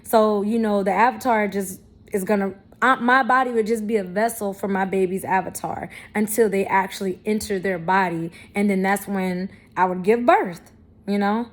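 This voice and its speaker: A woman's voice: mid-range voice, fairly even intonation, moderate pace. A woman in her thirties talking candidly to camera, blunt and profane, with emphatic, self-affirming spiritual talk. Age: 30s. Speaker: vlogger.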